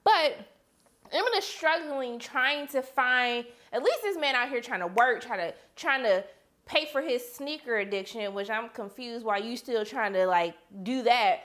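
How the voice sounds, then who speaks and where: A young woman reviewing a TV episode in a casual vlog, animated and talking straight to her viewers. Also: unhurried. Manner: quotes characters with sudden high-pitched outbursts.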